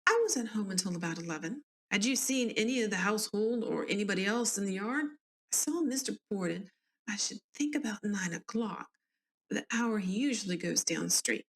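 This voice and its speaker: A woman's voice: medium pitch, animated, normal speed, natural voice. A woman with a Southern US accent reading the testimony of an older woman neighbor at an inquest, plainly and politely.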